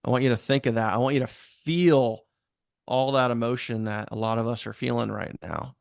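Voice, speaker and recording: A man's voice: mid-range voice, steady tone, moderate pace, gravelly, no echo, clean studio sound. A man hosting a casual, filler-heavy motivational talk about working harder in business. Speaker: host.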